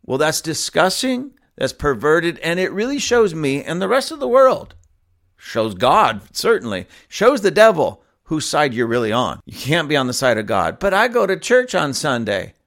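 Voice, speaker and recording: A man's voice: fairly high pitch, fairly bright tone. A male pastor delivering a fiery, emphatic sermon, mocking and chuckling as he goes.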